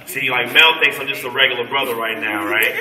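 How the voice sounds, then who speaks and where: A man's voice: mid-range voice, a little fast. A young man doing stand-up, joking loosely and chatting with the audience at a college show. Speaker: stand-up comedian. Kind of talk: stand-up crowd work. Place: college event hall. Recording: echoey room from far off, loud crowd noise. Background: audience laughing and clapping.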